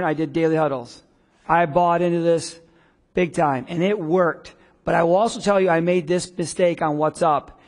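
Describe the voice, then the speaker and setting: A man coaching a room of business people in a live workshop, talking in a lively, conversational way and acting out quotes. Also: high voice. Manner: energetic, conversational, acts out quotes. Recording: long reverb of a hall.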